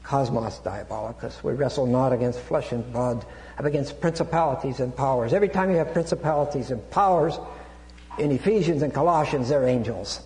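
A man's voice: mid-range voice, a little fast, darkish tone. A man preaching an expository Bible sermon, teaching with frequent restarts and asides. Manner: teaching, digresses with repeated restarts and Greek terms. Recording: echoey hall with hum.

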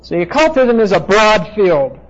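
A man with a high voice gives a Bible lecture, working through terms at the board. He explains patiently and stops often on "uh" fillers. The recording is dull and lo-fi. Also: sing-song. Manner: explanatory, halting with frequent "uh" fillers. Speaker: Bible teacher.

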